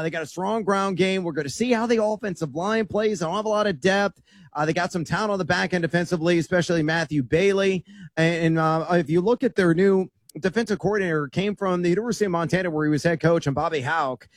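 A man with a slightly high voice breaks down college football picks with upbeat emphasis, peppering his talk with "uh." The sound is dry and close. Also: brisk, no room sound. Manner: frequent "uh" fillers, upbeat and emphatic. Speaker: sports analyst co-host. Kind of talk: sports betting analysis.

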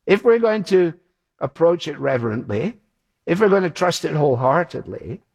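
A man's voice: on the high side, sing-song, moderate pace, gravelly, darkish tone, husky. A man preaching a sermon, earnest and emphatic, repeating his key phrases.

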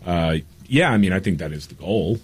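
A man co-hosting a talk radio show, speaking in a measured casual way with fillers. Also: deep voice, expressive, slightly rough. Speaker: co-host.

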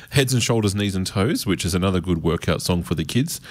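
A man's voice: sits low, expressive, a little fast. A man co-hosting a radio show, chatting casually and reminiscing with easy laughs. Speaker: radio co-host. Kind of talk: casual chat.

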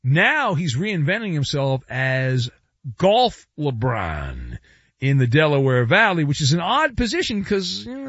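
A sports radio host riffing sarcastically, his fairly high voice swooping up and down with mock drama. The sound is dry and a bit dull, close on a studio mic. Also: fairly bright tone, no echo. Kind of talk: casual sports talk radio monologue.

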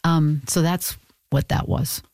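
A woman's voice: low-pitched, fairly even intonation, takes it slowly, creaky, darkish tone, no echo. A woman in her seventies, a guest in a radio interview, talking in a chatty, emotional way and laughing easily. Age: 70s.

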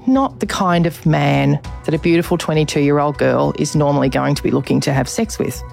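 A woman's voice: low voice, brisk, creaky, a little mellow, faint music behind. A woman interviewer asking probing, conversational questions, thinking aloud as she goes.

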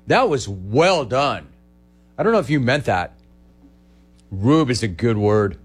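A man hosting a call-in radio show, brash and quick, riffing and repeating words for comic effect. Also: mid-range voice, very animated, faint music behind. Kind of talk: sports talk radio call-in.

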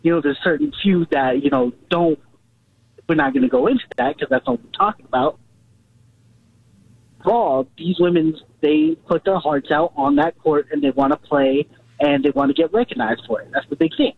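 Male caller, lively pitch, phone-thin sound, keeps circling back to his point. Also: moderate pace, vocal fry, no room sound. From California. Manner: earnest, repeats himself, restarts. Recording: tinny phone line.

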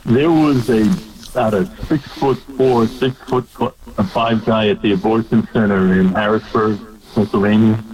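A man's voice: lowish voice, fairly even intonation, unhurried, a little mellow. A man telling a story in casual chat with a plain, chatty delivery. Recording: dull lo-fi sound.

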